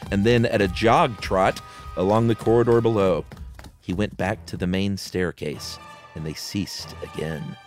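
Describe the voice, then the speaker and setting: Low-voiced guy reading a creepy story out loud, slow and dramatic, soft music under it. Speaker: podcast co-host and reader. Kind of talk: reading a ghost story aloud with casual chat.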